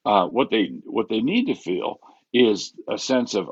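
A man's voice: lowish voice, sing-song, unhurried, breathy edge, no room sound, lo-fi sound. A man, a pastor, talking casually on a podcast with many restarts and chuckles at his own examples. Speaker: pastor and guest author.

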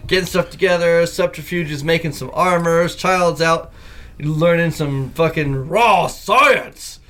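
Give me a lively male podcast host, slightly high-voiced, chatting casually and laughing as he tells stories. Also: a little slow. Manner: animated storyteller who laughs often. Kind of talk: casual chat.

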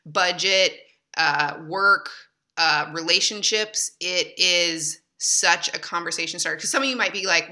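A woman's voice: lowish voice, unhurried, pushed and bright. A woman in her thirties, a podcast guest, telling stories in a chatty way with frequent laughs and fillers. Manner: chatty, laughs often, lots of fillers and restarts. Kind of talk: casual conversational storytelling.

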